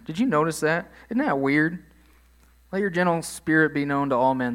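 A man's voice: fairly high pitch, animated, moderate pace, pauses often, a bit bright. Man preaching a conversational sermon. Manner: conversational preaching, rising emphasis on key phrases. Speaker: pastor.

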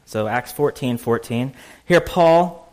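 A man preaching a conversational sermon, full of fillers and restarts, with sudden loud, laughing bursts. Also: mid-range voice, lively intonation, takes it slowly. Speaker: pastor.

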